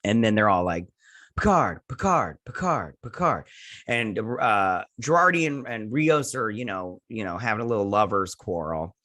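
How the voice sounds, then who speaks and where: A man's voice: on the low side, animated, normal speed, few pauses, a bit bright. A man hosting a show, recapping an episode in a loose, rambling way, full of fillers and restarts, now and then slipping into goofy voices for quotes. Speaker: show host reviewing a TV episode.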